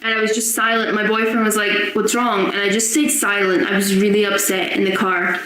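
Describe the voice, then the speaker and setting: A woman's voice: mid-range voice, flat delivery, a little fast, fairly bright tone. A young woman earnestly telling a personal story with strong feeling. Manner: earnest, emotional recounting. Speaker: guest sharing a story. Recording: very echoey room with faint noise.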